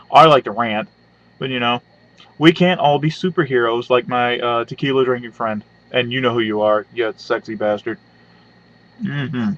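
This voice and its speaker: At home in front of his webcam, a male vlogger with a medium-pitched, slightly bright voice launches into a profane, rambling, sarcastic comedy rant full of hums and asides. The webcam mic gives dull, lo-fi audio.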